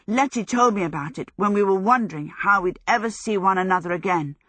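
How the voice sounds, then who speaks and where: A woman's voice: medium pitch, brisk, no echo, clean studio sound, close to an everyday voice. A woman voicing an eager, cheerful teenage boy apprentice. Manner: eager, lively.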